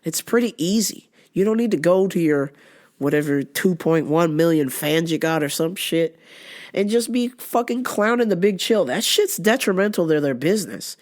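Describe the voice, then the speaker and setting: A brash woman rants her way through a casual comedy podcast. Her low voice swings widely up and down as she swears and mocks. She talks loose and unfiltered, like she's riffing with friends. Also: lively intonation, normal speed, a little mellow. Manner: brash, profane, laughing, mocking quoted voices. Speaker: podcast host.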